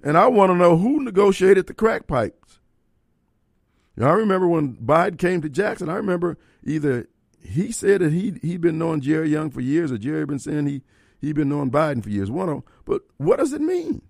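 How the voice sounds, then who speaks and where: Talk radio host, male, gravelly voice, blunt, emphatic, dry studio sound. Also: a little high, big pitch swings, fairly quick, a little mellow, no echo. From Mississippi.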